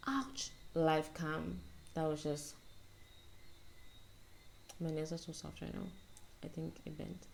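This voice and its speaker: Soft-spoken low woman vlogger. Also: gravelly. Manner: soft-spoken, rambling, reflective. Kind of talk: casual self-help vlog monologue.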